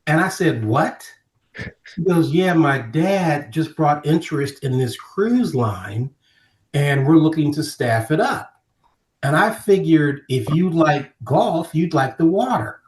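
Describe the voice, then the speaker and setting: A middle-aged man from Ohio, telling stories as a podcast guest in a lively conversational way and acting out other people's voices. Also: fairly high pitch, takes it slowly. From Ohio, USA. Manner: animated storyteller, acting out quoted voices. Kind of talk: storytelling in casual conversation. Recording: roomy echo.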